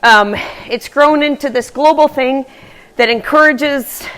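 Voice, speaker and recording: Woman, slightly high voice, chatty, earnest, a bit breathless, gym vlog. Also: measured pace, a bit bright. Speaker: running vlogger. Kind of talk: casual vlog talk.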